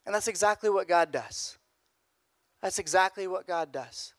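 A young man preaching a youth sermon in a casual, animated way, repeating phrases. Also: high voice, moderate pace, dry recording. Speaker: youth pastor.

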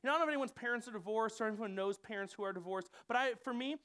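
A man giving a conversational sermon to a room, animated and casual, often acting out what people might say. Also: high voice, racing, clear, resonant tone. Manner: conversational, animated, acts out quoted voices. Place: church room with audience.

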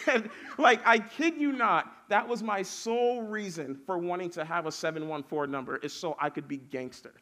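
A man's voice: high-pitched, moderate pace, few pauses, bright, forceful tone. Young man preaching casually. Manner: casual, storytelling, builds lists with rising force. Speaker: youth preacher. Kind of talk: sermon.

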